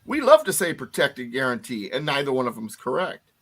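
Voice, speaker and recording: A man's voice: medium pitch, big pitch swings, a little fast, fairly bright tone. A man giving a class lecture, explaining and stressing key words, with many fillers and restarts. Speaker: constitution teacher.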